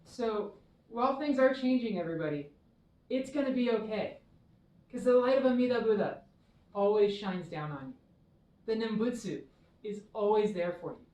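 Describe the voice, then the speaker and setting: Woman telling a temple story. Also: a little high. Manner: warm, expressive storyteller. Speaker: temple minister. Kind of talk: children's dharma talk, storytelling. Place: temple hall. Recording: echoey hall, mic far off.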